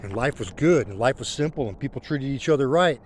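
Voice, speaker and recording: A man's voice: medium pitch, lively intonation, a little fast, a little hiss or hum. A middle-aged man, talking in a rambling, heartfelt way while out on a country road. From rural country background. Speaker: motorcycle vlogger. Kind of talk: casual spoken vlog while riding.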